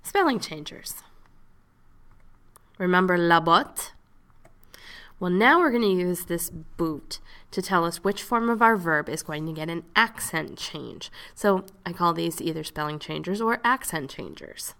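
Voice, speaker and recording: Female teacher, patient explainer, lowish voice with a gravelly fry. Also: lively intonation, fairly bright tone. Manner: patient, explains step by step, models pronunciation slowly. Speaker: French teacher. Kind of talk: classroom lesson narration.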